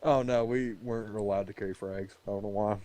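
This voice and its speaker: A man's voice: on the low side, a little fast. A man casually telling a story among friends, swearing freely and laughing often. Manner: profane, animated, laughs often.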